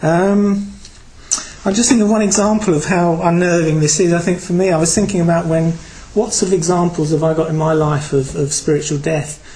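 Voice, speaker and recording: A man's voice: fairly high pitch, steady tone, a little fast, a little mellow, poor audio. A man from Britain giving a Buddhist talk to a group, reflective and hesitant, with many fillers. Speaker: Buddhist teacher.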